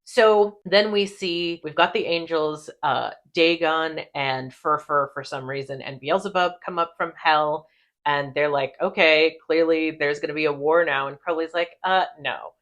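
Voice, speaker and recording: A woman hosting a casual recap chat, animated and profane, laughing often. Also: low-pitched, measured pace. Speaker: podcast host.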